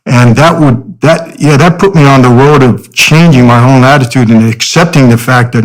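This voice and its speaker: Middle-aged male guest, earnest conversational storyteller, average pitch. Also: normal speed, hardly any pauses, poor audio. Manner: earnest, frequent "you know" fillers. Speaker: podcast guest.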